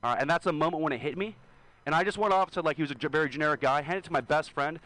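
A young man in his twenties doing a rambling, crude stand-up set. He is hungover and leans into self-deprecating confessions. His voice sits a bit high for a man. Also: very fast, sharp tone, poor audio. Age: 20s. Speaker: stand-up comedian. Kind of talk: stand-up set at an open mic.

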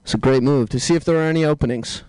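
A man doing a stand-up comedy set, telling dark jokes deadpan and tossing asides to the crowd. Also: fairly high pitch, rapid-fire, clean tone, poor audio.

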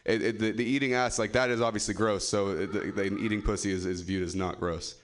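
A man's voice: on the low side, fairly even intonation, brisk. A man taking notes on his stand-up jokes in a casual workshop chat, rambling and cutting himself off. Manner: rambling, self-interrupting. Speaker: comedian getting feedback.

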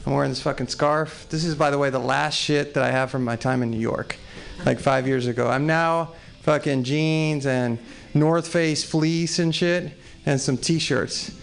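A man in his forties, from Texas, works through an improvised open mic set with a gravelly edge to his voice. His pitch sits a little high for a man. He talks in a loose, profane, self-deprecating ramble full of restarts. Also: steady tone, a little slow. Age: 40s.

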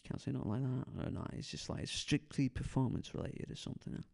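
A man in his twenties working the crowd from a club stage, talking in a loose, meandering stoner drawl. His mid-pitched voice carries a gravelly fry, and he keeps stalling and capping his lines with "man". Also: fairly quick, a little mellow. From San Francisco Bay Area. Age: 20s. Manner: laid-back stoner drawl, trails off, says man constantly. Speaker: stand-up comedian doing crowd work. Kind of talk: stand-up crowd work.

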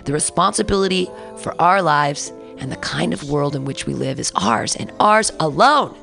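Comedian lady hosting her podcast, low voice with lots of fry, reads stuff out then gets all worked up. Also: normal speed, soft background music. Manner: reads texts aloud with sudden excited outbursts. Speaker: podcast host and stand-up comedian. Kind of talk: casual podcast reading and commentary.

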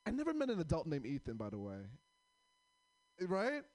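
Animated, rambling male stand-up comic. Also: fairly high pitch, no room sound. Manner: rambling, self-deprecating, halting with fillers. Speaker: stand-up comedian. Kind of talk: stand-up comedy with crowd work.

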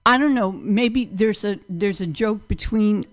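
A woman's voice: mid-range voice, measured pace. A woman hosting a comedy workshop, offering thoughtful, tentative suggestions on a set. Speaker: workshop host giving feedback. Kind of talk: workshop critique.

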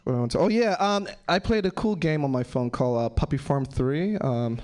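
A young man performs stand-up comedy with a crowd audible in the background. He's expressive but rambling and halting, full of fillers, and bursts into sudden high-pitched outbursts.

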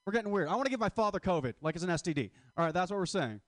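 A man's voice: sits high, expressive, rapid-fire, dry recording, studio quality. A man in his twenties doing a stand-up comedy set, crude, rambling and self-mocking. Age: 20s. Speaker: stand-up comic.

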